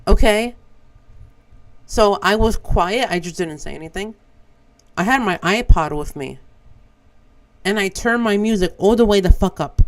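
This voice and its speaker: A man's voice: sits high, measured pace, pauses often, low-quality recording. A young man from Brazil whose first language is Portuguese, a streamer telling a casual story with lots of swearing. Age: young adult. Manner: animated, swears a lot. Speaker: vtuber streamer.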